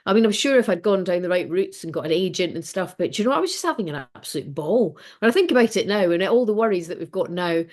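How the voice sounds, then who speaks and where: A middle-aged Scottish woman chats as a podcast guest. She tells stories in a quick, self-mocking way and laughs easily at her own past. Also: fairly low pitch, animated, darkish tone. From Scotland. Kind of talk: casual podcast interview.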